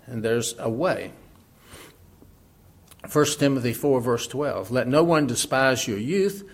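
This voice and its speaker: A middle-aged man preaching in a relaxed, conversational way, laughing often and asking rhetorical questions. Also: mid-range voice, slightly rough. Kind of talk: sermon.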